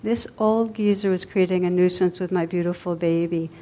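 Telling a story in a dharma talk, a woman meditation teacher speaks gently and without hurry in a low voice for a woman. Her tone stays steady, and her phrases soften and fade at the ends.

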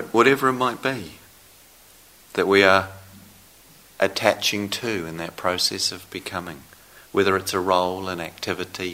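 A man giving a dharma talk as a meditation teacher, speaking slowly and reflectively with long pauses. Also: sits low, sharp tone. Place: meditation hall.

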